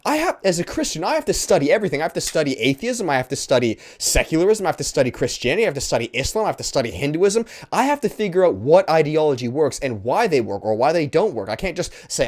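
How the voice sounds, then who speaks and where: A man's voice: fairly high pitch, very animated, fast talker, hardly any pauses. A man hosting a Q&A video, talking bluntly and emphatically with fillers and restarts. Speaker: host. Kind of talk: casual preachy Q&A talk.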